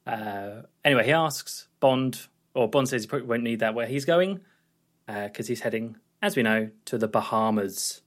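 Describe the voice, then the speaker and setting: A man's voice: medium pitch, normal speed. A man co-hosting a film podcast, recapping scenes in a loose, rambling chat. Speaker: podcast co-host. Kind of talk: casual film review chat.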